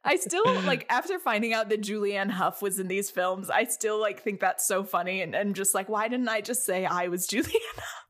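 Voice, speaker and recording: A woman co-hosting a podcast in casual chat, making joking deadpan asides. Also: medium pitch, normal speed, few pauses. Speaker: podcast co-host.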